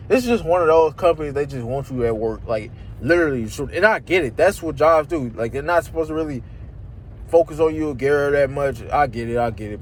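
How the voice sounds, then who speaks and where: A man's voice: mid-range voice, slight background noise. A young man venting in a rambling, slang-heavy, swear-filled vlog rant about his job. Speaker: vlogger. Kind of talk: ranting vlog.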